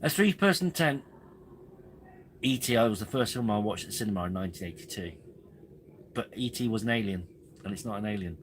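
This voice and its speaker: A man in his forties chats loosely on a live stream from his tent, drifting off topic and laughing at himself. His voice sits on the low side. A faint hum of noise runs behind him. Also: lively intonation, brisk, long pauses. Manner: rambling, chatty, self-deprecating. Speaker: camping channel host. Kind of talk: casual live-stream chat. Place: camping tent.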